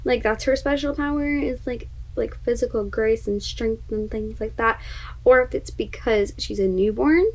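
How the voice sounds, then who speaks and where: A woman's voice: on the high side, steady tone, normal speed, darkish tone, low-quality recording. A woman vlogger reacting to a book in casual chat, gushing and exclaiming often, sometimes dropping into a whisper.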